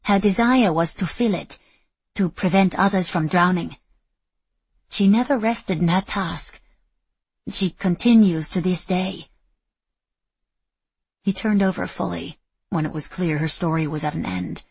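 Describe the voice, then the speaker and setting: Woman audiobook narrator, steady reading, husky tone, low pitch, dry close recording. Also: unhurried, long pauses, no echo. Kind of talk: scripted narration.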